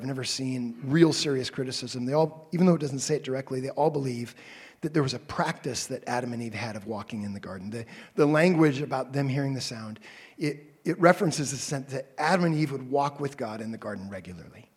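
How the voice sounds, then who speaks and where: A man delivers a sermon as a pastor. His voice is a little husky and sits at an ordinary pitch for a man. He rises into loud, animated calls, then drops to soft, hushed passages. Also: a little fast.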